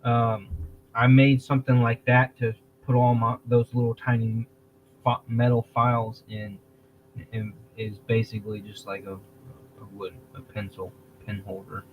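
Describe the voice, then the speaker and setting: Slow, rambling man on a lo-fi stream. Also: mid-range voice, flat delivery, background noise. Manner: rambling, halting, with many restarts and throat-clearing. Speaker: livestream host. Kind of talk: casual livestream chat.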